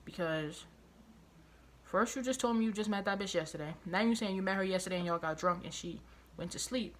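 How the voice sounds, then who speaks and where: A woman vlogger telling a personal story, animated and profane, hammering her points home through repetition and outraged disbelief. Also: mid-range voice, brisk, slight background noise. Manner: animated, profane, emphatic retelling with heavy repetition; outraged, incredulous. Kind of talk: storytime vlog.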